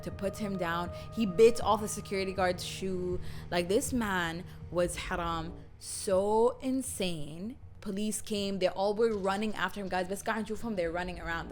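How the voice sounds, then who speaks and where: A woman podcast host, casually telling a story in an animated, dramatic way and using "like" a lot. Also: on the low side. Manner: animated, dramatic retelling, frequent "like".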